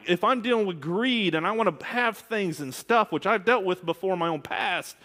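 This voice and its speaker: Candid preaching man, lively voice. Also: high-pitched, fairly quick, hardly any pauses. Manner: candid, conversational preaching with asides. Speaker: minister. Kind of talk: sermon. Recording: long hall reverb.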